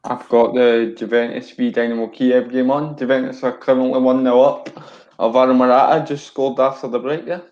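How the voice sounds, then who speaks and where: A man's voice: mid-range voice, little pitch movement, brisk, a little mellow. A man co-hosting a football stream, chatting in a laid-back, casual way. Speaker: co-host. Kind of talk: casual banter. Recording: echoey, dull online call audio.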